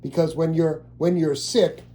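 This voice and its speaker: A man's voice: fairly high pitch, steady tone, a little slow, mellow. A middle-aged man in casual family conversation, asking about a relative and rambling through restarts and fillers.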